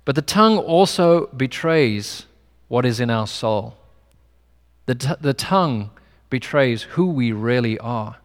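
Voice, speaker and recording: This pastor's mid-range voice has lively intonation and a measured pace. With a non-American English accent, he gives a conversational sermon rich in personal stories, captured with long hall reverb.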